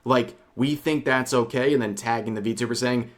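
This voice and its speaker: A man's voice: medium pitch, steady tone, moderate pace. A man narrating a scripted drama-commentary video with sardonic, wry asides.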